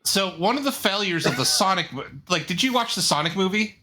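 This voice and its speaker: A man's voice: high voice, lively intonation, fairly quick, pushed and bright. A man co-hosting a podcast in casual chat, telling jokey meandering stories with many restarts. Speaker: podcast co-host.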